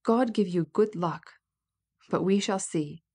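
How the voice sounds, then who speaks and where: A woman's voice: on the low side, slow, mellow, slightly rough, heavily acted. A woman voicing an irascible old prince, blustering and sarcastic, in an audiobook reading. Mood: scornful.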